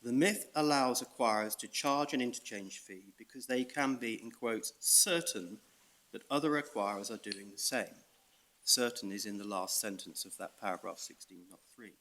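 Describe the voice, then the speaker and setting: A British man arguing a case in court as a barrister, reading out evidence and stressing key words in a measured way. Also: on the low side, fairly bright tone. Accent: British English. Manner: measured, reads out evidence with emphasis. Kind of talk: courtroom legal argument.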